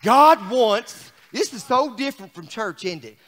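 Man, pastor, exuberant joking sermon, very high voice, long church reverb. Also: big pitch swings, a little slow, fairly bright tone. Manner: exuberant, joking, calls out to the congregation. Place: church sanctuary.

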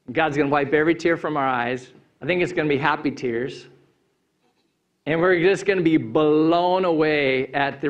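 A middle-aged pastor preaches an Easter sermon, including a joke, to his congregation in a sanctuary through a handheld mic. His voice is somewhat high for a man, and he's relaxed and playful, swinging between loud, lifted lines and low, quiet ones.

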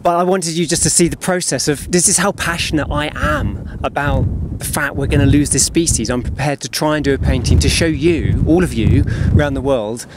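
A man, an artist, speaking slowly and heartfelt to schoolchildren from an outdoor animal enclosure. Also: fairly high pitch, heavy background noise. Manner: slow, hushed and heartfelt. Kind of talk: earnest outdoor video address.

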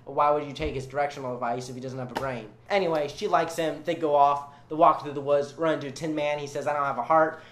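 Tipsy young man, slightly high voice, sarcastic and rambling storyteller, in a roomy space. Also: steady tone, quick pace, few pauses, a bit bright, slight background noise. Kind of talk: drunken comedic retelling. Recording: echoey room.

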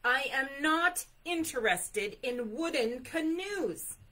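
A woman's voice: high-pitched, lively intonation, brisk, voice pushed up. A woman voicing a grumpy, fussy male bear who is pompous and stubborn, speaking with indignant, formal phrasing. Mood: loud.

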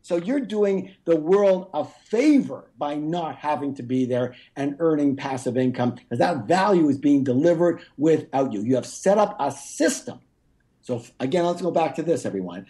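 A man's voice: on the high side, animated, moderate pace, mellow. A middle-aged man speaking as a guest on a podcast interview, emphatic and teacherly, often calling on listeners to pay attention. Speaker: guest author.

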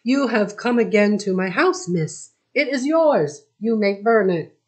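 A woman's voice: mid-range voice, expressive, a little slow, darkish tone, voice pushed up, lightly acted. A woman reading the part of a dignified, courteous immigrant father who speaks in formal, ceremonious phrases. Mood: courtly.

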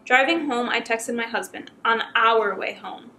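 A woman YouTuber reading short scary stories aloud in a chatty, expressive way. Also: a little high, measured pace, a little hiss or hum. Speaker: YouTube storyteller.

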